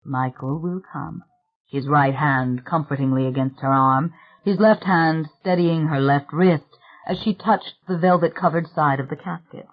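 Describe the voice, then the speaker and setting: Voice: mid-range voice, normal speed. Audiobook narrator over a tinny line. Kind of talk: scripted narration. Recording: tinny phone-like sound.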